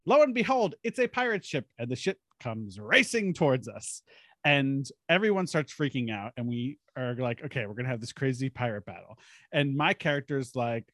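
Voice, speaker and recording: A man's voice: mid-range voice, expressive, moderate pace, fairly bright tone, dry recording, studio quality. A man hosting a podcast, animatedly telling a tabletop game story in a casual, chatty way. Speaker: podcast host.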